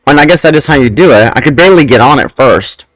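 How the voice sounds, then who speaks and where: A man's voice: medium pitch, fast, no room sound, rough recording. A man hosting a casual podcast chat, telling rambling stories about his childhood. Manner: animated, rambling storyteller. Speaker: podcast host.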